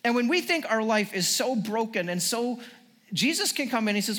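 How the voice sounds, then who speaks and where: High-voiced earnest male pastor preaching. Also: expressive, moderate pace, fairly bright tone, long reverb tail. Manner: earnest, repetitive restarts, building emphasis. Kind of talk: sermon.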